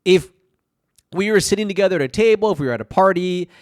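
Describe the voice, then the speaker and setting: A young adult man telling a story on his own casual solo podcast, animated, with many restarts. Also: high voice, fast talker. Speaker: podcast host.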